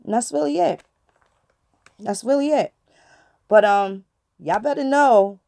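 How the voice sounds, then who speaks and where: A woman's voice: medium pitch, creaky, dark tone, no room sound, clean studio sound. A woman with hosting her channel, talking in a blunt, preachy, casual monologue full of slang and profanity. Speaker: channel host.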